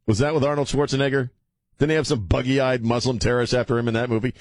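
A man's voice: mid-range voice, fairly even intonation, fast talker, no echo, studio quality. A middle-aged man hosting a radio talk show, joking loosely and provocatively and laughing often. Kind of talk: casual radio banter.

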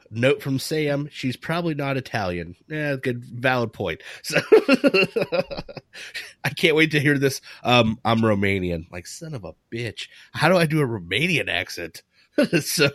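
A man co-hosting a podcast, talking casually with a fairly low voice. He jokes and pokes fun at himself. The sound is dry, with little room echo. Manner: joking, self-mocking. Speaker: podcast co-host.

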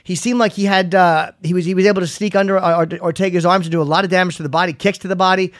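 Quick-talking podcast co-host man. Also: sits high, steady tone, a bit bright, dry recording, studio quality. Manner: quick, chatty fight talk. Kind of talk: casual chat.

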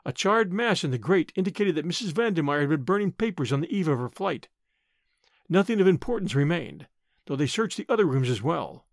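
Male audiobook narrator, slightly higher voice, expressive, dry studio sound. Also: a little fast, no echo. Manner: expressive, clear storytelling.

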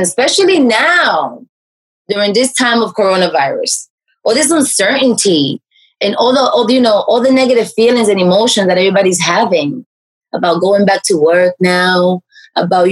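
A woman with a slightly husky, breathy voice at a medium pitch tells her own story in an interview. She is an animated life coach who leans on fillers and restarts. Her pitch jumps up whenever she acts out what someone said. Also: rough recording. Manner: animated storyteller, raises pitch to act out quoted speech.

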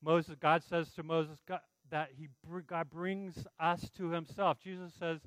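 Male pastor, earnest conversational sermon delivery, fairly high voice, dry recording. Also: flat delivery, a little slow, hardly any pauses, no echo, low-quality recording. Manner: earnest, pleading, conversational preaching with frequent "right?" asides.

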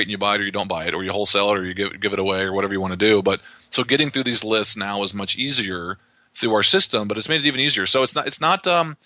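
Male real estate investor guest, quick, sharp-toned, rambling explainer. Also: on the low side, dry recording. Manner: fast, animated explainer with frequent restarts. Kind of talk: conversational podcast interview.

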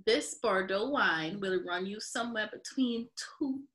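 A woman co-hosting a wine podcast, reading out fun facts and chatting in an animated way that breaks into exclamations. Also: medium pitch, unhurried, poor audio. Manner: animated, exclaims and laughs easily. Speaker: podcast co-host.

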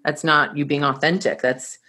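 A woman with a low, deep voice shares a personal story with an audience. She is animated and keeps laughing and restarting her sentences as she talks. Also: moderate pace. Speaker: speaker telling her travel story; course teacher.

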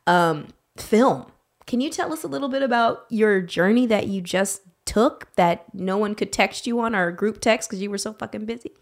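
A woman co-hosting a podcast, asking questions in a teasing, playful way. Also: medium pitch. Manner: teasing, playful and profane with friends. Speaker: podcast co-host. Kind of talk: casual interview chat.

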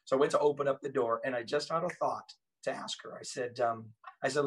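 A man's voice: mid-range voice, brisk, recorded from a distance, poor audio. Earnest man speaking a bit off-mic. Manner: earnest and emphatic. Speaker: podcast guest, author and former police officer. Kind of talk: casual storytelling conversation.

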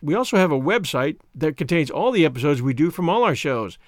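A man's voice: on the high side, sing-song, brisk, no room sound, clean studio sound. A man hosting a podcast, giving a scripted sign-off with thanks to listeners in an upbeat announcer manner. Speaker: podcast host.

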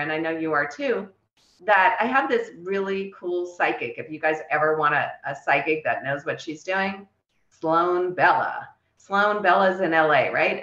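A woman's voice: lowish voice, fairly bright tone. A woman, a guest in an interview, telling a personal story with feeling and acting out the dialogue. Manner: emotional, reenacts dialogue while telling the story. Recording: roomy, slightly dull sound.

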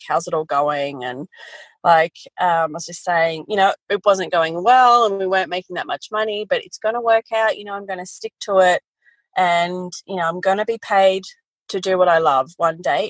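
A woman, a guest telling her business story in a casual interview, animated and quick to laugh. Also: lowish voice, dry recording, low-quality recording. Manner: animated storytelling, quotes family in voices, laughs often. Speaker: guest, photography educator.

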